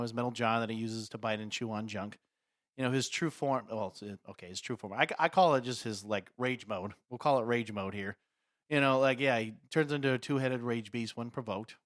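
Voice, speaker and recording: A man's voice: medium pitch, a bit bright, no echo, clean studio sound. A man co-hosting a podcast in casual chat, rambling with many fillers and restarts. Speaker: podcast co-host.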